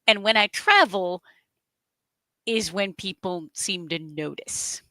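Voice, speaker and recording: A woman's voice: mid-range voice, slow, bright, forceful tone, no echo. A woman from north of Boston with a mild Boston accent, co-hosting a casual chat in a hesitant way with many restarts. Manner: hesitant, many false starts and fillers. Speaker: podcast co-host.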